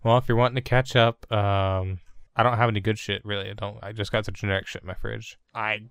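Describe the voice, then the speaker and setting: A man's voice: lowish voice, flat delivery, fast talker, fairly bright tone, clear, resonant tone, no room sound, clean studio sound. A man co-hosting a casual podcast chat. He jokes a lot, swears freely and laughs at his own bad puns. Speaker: podcast co-host.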